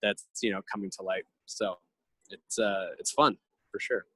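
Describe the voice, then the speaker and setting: A reflective man in his thirties talks in long, earnest stretches, with a slightly low voice. He sounds close and dry, with no room sound around him. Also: steady tone, moderate pace, a bit bright, husky, no echo, low-quality recording. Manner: earnest, reflective, speaks in long thoughtful runs. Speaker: podcast guest. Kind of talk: casual conversational interview.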